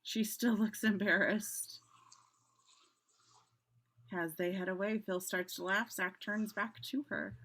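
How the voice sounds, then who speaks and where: Female reader for stage directions: bright tone, casual, playful asides, home video-call mic. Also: medium pitch, steady tone, slow pace, pauses often. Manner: chatty, laughs and asides between directions. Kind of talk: casual script reading over video call. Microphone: home computer mic on video call.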